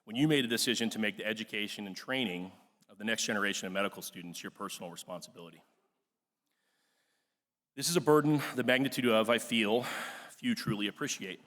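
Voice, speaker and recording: A man's voice: lowish voice, quick pace, fairly bright tone. A young man, class president, giving an earnest, emotional ceremony speech with frequent fillers in a large auditorium. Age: young adult. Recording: long hall reverb.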